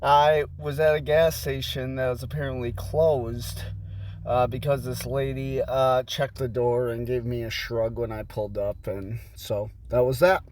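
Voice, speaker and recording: A man's voice: medium pitch, level tone, measured pace, a little mellow. A young adult man casually telling a rambling, profane story full of fillers, recorded in a car. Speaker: vlogger. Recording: noisy car background. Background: car and road noise.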